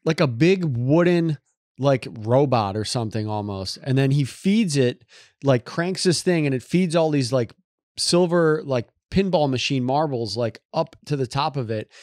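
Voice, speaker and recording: A man co-hosting a casual podcast, excitable and halting with many fillers. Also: mid-range voice, no echo, studio quality. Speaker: podcast co-host. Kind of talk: casual chat.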